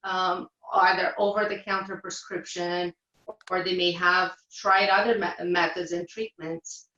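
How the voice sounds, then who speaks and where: A woman from Portugal with a lowish voice speaks at a measured pace as an interview guest. She's a reflexologist and chats casually about her work, relaxed and full of fillers. The recording sounds roomy and dull.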